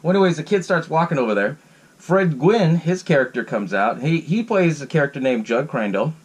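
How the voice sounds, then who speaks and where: This man's voice is on the high side, a little fast and breathy-edged, with lively intonation. Hosting his own podcast, he gives a loose, rambling solo recap of a horror film, cursing freely and laughing between sentences.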